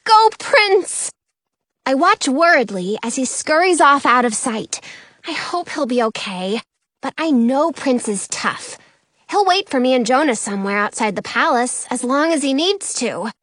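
A woman reading a children's storybook aloud in an expressive first-person narration. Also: sits high, moderate pace, dry recording, clean studio sound. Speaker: audiobook narrator.

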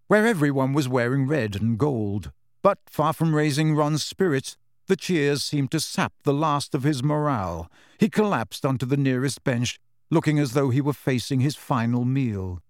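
A man narrating an audiobook in a measured storytelling manner. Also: mid-range voice, expressive, dry recording, clean studio sound. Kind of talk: scripted narration.

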